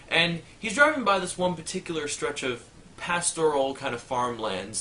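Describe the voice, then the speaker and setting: A man rattling off dirty jokes in an animated delivery, jumping in and out of character voices. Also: a little high, slight background noise. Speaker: joke teller. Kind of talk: rapid-fire dirty joke telling.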